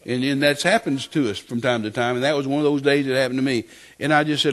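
An older man from West Texas, preaching and telling his testimony as a lively story, often repeating phrases. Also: medium pitch, quick pace. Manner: animated storytelling, repeats phrases, acts out quotes. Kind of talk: sermon testimony.

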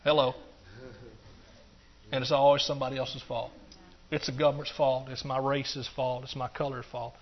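A man preaches a sermon at medium pitch, his tone level and his pace a little fast. He repeats phrases in a rhythmic build and punctuates them with hallelujahs. The recording sounds dull and muffled.

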